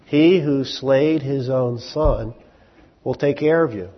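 A male pastor preaching in a husky voice. He talks to the congregation like a friend and cracks jokes, then drops low or suddenly gets loud. The sound is muffled and lo-fi, with a long reverb from a large hall. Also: slow pace. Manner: animated, jumps from hushed to loud in sudden bursts; joking, conversational preaching. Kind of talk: sermon.

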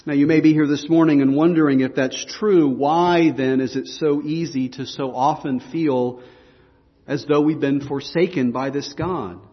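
A man's voice: a little high, fairly even intonation, moderate pace, in a large hall, lo-fi sound. A man preaching a sermon as pastor, earnest and emphatic, often restarting his phrases.

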